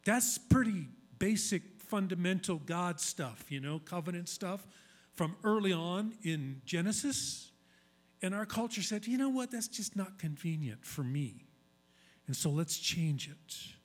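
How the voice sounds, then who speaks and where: A man's voice: sits high, animated, unhurried. Man preaching in a chatty, emphatic way. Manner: conversational, emphatic preaching with repeated phrases. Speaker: pastor. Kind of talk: sermon.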